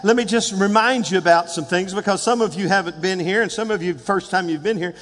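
A man in his sixties preaching a sermon as pastor, building to shouted calls and leading call-and-response with the congregation. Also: high voice, fairly quick, big-room sound. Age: 60s. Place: church sanctuary.

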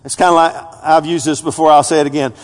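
A man, a pastor, preaching a sermon to his congregation, swinging from loud emphatic peaks down to quiet asides. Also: fairly high pitch, level tone, fast, long reverb tail. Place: church sanctuary.

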